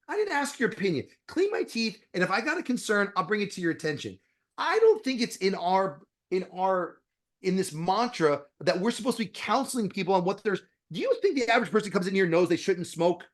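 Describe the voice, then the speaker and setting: A middle-aged man from Florida, a dentist talking bluntly in an interview, swearing freely and acting out conversations with patients. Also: a little high. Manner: blunt, profane, animated, acts out quoted exchanges. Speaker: dentist and guest.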